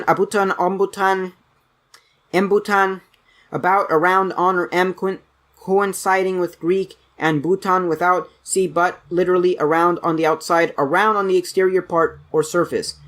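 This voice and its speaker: A man reading dictionary entries aloud at a brisk pace, stumbling now and then and correcting himself. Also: high-pitched, fairly bright tone. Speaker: channel host reading aloud.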